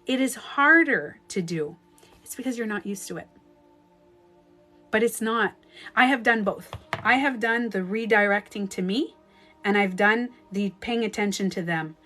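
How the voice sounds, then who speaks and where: A woman's voice: mid-range voice, measured pace, pushed and bright, faint music behind. A woman relationship coach on a live stream, giving advice emphatically and acting out hurt voices with some swearing.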